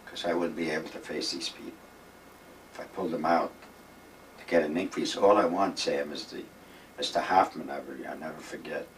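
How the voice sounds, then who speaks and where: A man's voice: very deep voice, steady tone, fairly quick, recorded from a distance, a little hiss or hum, low-quality recording. An older man being interviewed, reminiscing in a rambling, emphatic way and acting out the dialogue of his old stories. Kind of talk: reminiscing storytelling. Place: retirement village home.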